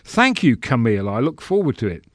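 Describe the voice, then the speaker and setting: A man's voice: medium pitch, big pitch swings, brisk, no room sound, natural voice. A man voicing a smug, suave older theatre director giving notes with dry irony, in a storybook reading.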